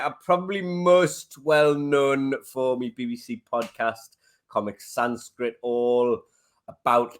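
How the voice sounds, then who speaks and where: A man with a Geordie accent, a stand-up comedian guesting on a podcast and chatting with self-deprecating humour. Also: medium pitch. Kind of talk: casual podcast chat.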